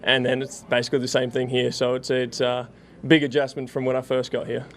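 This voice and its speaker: A young Australian man speaks as a guest on a sports radio interview, with an Australian accent and a middle pitch. His delivery is flat and halting, full of fillers and restarts. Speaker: football punter, interview guest.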